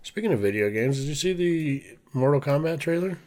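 A man's voice: fairly high pitch, animated, fairly quick, mellow. A young man co-hosting a podcast, in easygoing casual chat with short replies. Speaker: podcast co-host.

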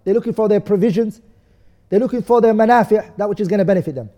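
A teacher of a study course gives a classroom lesson explaining texts, asking the class questions, answering them himself, and reciting set phrases in another language. His voice is high-pitched and dark-toned, he talks fast, and there's the long reverb of a large hall.

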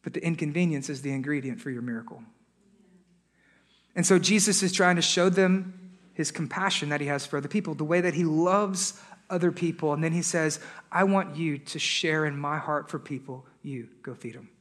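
A man's voice: fairly high pitch, moderate pace, a bit bright. A man preaching a sermon as pastor to his congregation in a church, impassioned and full of rhetorical questions, with sarcastic asides. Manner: impassioned, many rhetorical questions, building in intensity. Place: church service before a congregation.

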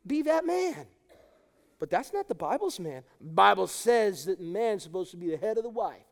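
A man's voice: sits high, big pitch swings, normal speed, vocal fry. A middle-aged male pastor preaching an emphatic, impassioned sermon to his congregation. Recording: long hall reverb.

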